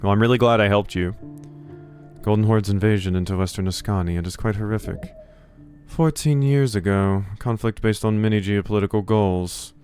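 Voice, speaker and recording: Guy with a lowish voice playing a game and cracking sarcastic jokes, quiet music under it. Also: normal speed. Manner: joking, sarcastic asides. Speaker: let's play host. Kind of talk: playing a game and reading along.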